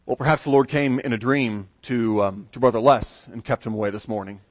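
A man's voice: mid-range voice, steady tone, a little fast, dry recording. An American man preaching a sermon as pastor, in a conversational, folksy way with asides and restarts. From United States.

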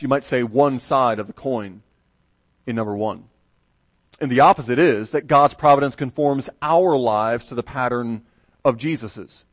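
A man's voice: medium pitch, no room sound. An American man preaching a sermon as pastor, in a conversational, folksy way with asides and restarts. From United States.

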